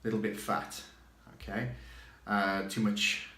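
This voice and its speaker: A man teaching an English exam grammar lesson from his home study, chatty and repeating example phrases slowly for learners. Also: lowish voice, level tone, sharp tone. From Catalonia, living there. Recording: echoey room.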